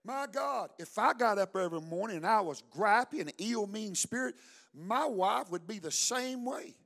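Preacher guy with a really high voice, fiery church sermon, shouts and gets folks to answer back. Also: expressive, moderate pace, gravelly. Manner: fiery call-and-response preaching, shouting and chanting. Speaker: pastor. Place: church service.

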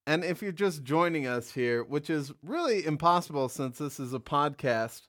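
A man's voice: fairly high pitch, animated, normal speed, a bit bright. A man hosting a podcast, interviewing a guest in a joking, playful way. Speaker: podcast host. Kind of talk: casual interview chat.

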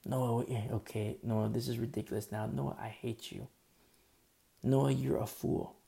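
A man's voice: mid-range voice, steady tone, unhurried, creaky, warm tone. A man voicing a worldly scoffer who taunts and mocks a believer. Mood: mocking. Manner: taunting, mocking, then pleading.

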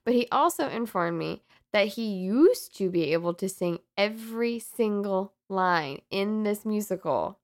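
A woman co-hosts a podcast in an easy, casual chat. She talks in a playful, teasing way and stays animated throughout. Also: mid-range voice, unhurried, few pauses. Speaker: podcast co-host.

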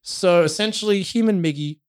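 A man's voice: high voice, brisk, no echo, clean studio sound. A man from Australia casually recapping a show as podcast co-host, telling it with energy and swearing. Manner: animated storytelling with swearing.

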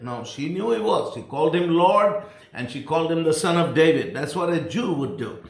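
A man's voice: fairly high pitch, lively intonation, moderate pace, roomy sound. A man preaching a sermon, emphatic and repeating words to drive points home.

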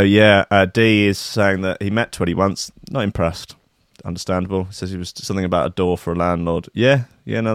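A young man hosting a casual livestream, rambling and swearing with sudden loud outbursts. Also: on the low side, dry recording, clean studio sound. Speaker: livestream host. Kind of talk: casual profane livestream commentary.

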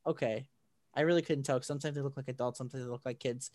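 A man's voice: medium pitch, fairly even intonation, racing, darkish tone. A man in casual chat, recapping a film with lots of fillers and restarts and acting out quotes as he goes. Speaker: co-host recapping an anime film.

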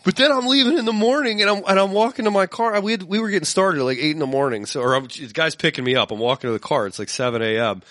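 A podcast co-host tells stories in a casual chat, an animated storyteller who laughs often. His voice is a little high and fast with few pauses, and there's no room sound.

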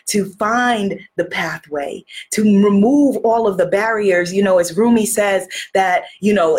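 A woman hosting a spiritual livestream, talking in an effusive, animated way, laughing often and greeting her viewers. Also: medium pitch. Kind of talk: inspirational livestream talk.

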